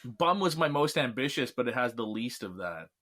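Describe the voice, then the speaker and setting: A man from Canada talks as a guest in a relaxed podcast interview, his voice sitting at an ordinary middle pitch. He chats loosely and laughs often between remarks. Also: moderate pace. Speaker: filmmaker guest.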